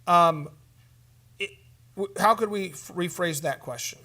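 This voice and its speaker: High-voiced man teaching at a church conference. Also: expressive, slow pace, long pauses, sharp tone. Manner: emphatic, asks the room questions, acts out sample counseling dialogues. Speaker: conference teacher on biblical counseling.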